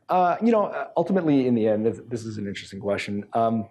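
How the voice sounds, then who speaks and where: A man's voice: mid-range voice, very animated, fast talker, darkish tone. A man from New England giving a casual conference talk and taking questions, with many fillers and restarts. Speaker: conference speaker. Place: conference room.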